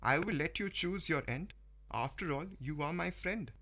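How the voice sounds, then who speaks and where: A man voicing a sly male crocodile in a fable poem, read slowly in measured verse. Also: a little high, expressive, pushed and bright, exaggerated voice. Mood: menacing. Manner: slow, measured verse reading.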